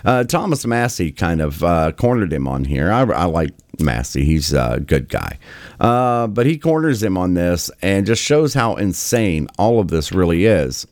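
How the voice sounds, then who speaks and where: Sarcastic low-voiced male commentator. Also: sing-song, unhurried, darkish tone, dry recording. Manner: sarcastic, exasperated, mocking. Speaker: political commentary host. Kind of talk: casual commentary over clips.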